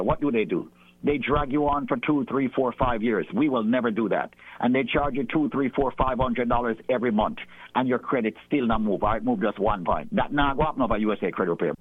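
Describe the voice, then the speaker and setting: A man lectures listeners emphatically, hammering his points home again and again. His voice is husky and comes through a thin, phone-like line. The sound is dry with no room behind it. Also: medium pitch, no room sound. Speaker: radio host and company owner. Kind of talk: sales pitch on the radio.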